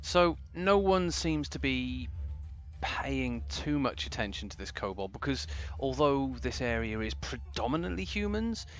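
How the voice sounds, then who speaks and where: A man running a tabletop game as game master, describing scenes in an unhurried, hesitant way. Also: medium pitch, sing-song, lo-fi sound, faint music behind.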